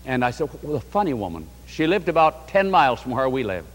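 A man's voice: medium pitch, big pitch swings, brisk, long reverb tail. A man preaching a sermon to a large congregation, from New York State, in a fervent, rising and falling delivery. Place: large hall before a congregation.

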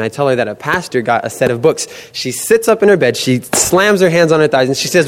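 A man's voice: medium pitch, fast talker, hardly any pauses. Young guy telling a story, acting out voices, big echoey hall. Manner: animated storytelling, acts out quoted voices. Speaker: student book canvasser. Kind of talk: testimony talk. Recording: long hall reverb.

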